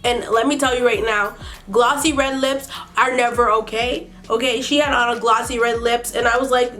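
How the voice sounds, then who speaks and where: A woman's voice: fairly high pitch, measured pace, a bit bright, soft background music. A slightly sick woman doing a makeup tutorial while recapping a reality show in blunt, profane, sassy commentary. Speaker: beauty vlogger.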